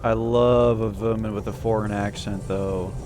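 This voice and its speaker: A young man streaming a horror game, reacting in jokey, sarcastic, animated chat. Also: on the low side, moderate pace, music in the background. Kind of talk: casual gaming livestream commentary.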